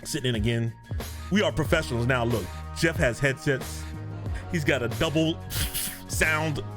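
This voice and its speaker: A man co-hosting a podcast in casual chat, ranting with animated energy and laughing often. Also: medium pitch, moderate pace, music in the background. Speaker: podcast co-host. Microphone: video podcast mic.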